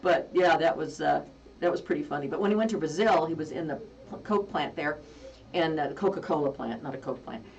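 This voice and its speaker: A woman's voice: sits low, a little fast, lo-fi sound. A middle-aged woman co-hosting a casual chat, telling stories with lots of laughter and acted-out voices. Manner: animated storyteller who mimics voices and laughs often. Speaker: co-host. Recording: distant mic.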